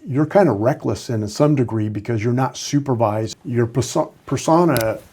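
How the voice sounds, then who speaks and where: Mellow-voiced retired lawman in his sixties. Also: mid-range voice, normal speed, slightly rough. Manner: candid storytelling with frequent fillers. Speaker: retired sheriff's lieutenant guest. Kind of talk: casual podcast interview.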